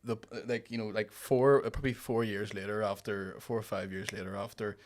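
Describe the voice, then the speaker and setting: A man telling a relaxed anecdote in casual chat. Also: lowish voice, brisk. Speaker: podcast guest.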